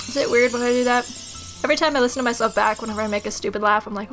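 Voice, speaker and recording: Young woman playing a game, high voice, goofy and crude and kinda loopy, game music behind. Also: brisk, long pauses, low-quality recording. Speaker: let's player. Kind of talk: gameplay commentary. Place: small hot recording room.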